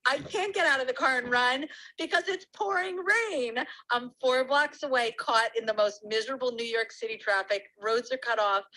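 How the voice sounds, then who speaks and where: Bright-voiced woman telling a story. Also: fairly high pitch, rough recording. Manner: lively, animated storytelling with laughs. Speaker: guest sharing a story. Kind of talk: casual storytelling.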